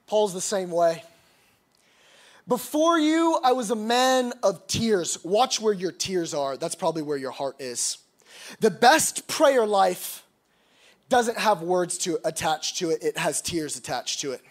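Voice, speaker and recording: High-voiced male preacher. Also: expressive, unhurried. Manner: reads scripture aloud, then preaches with emphatic, rising passages. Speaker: pastor. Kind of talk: sermon.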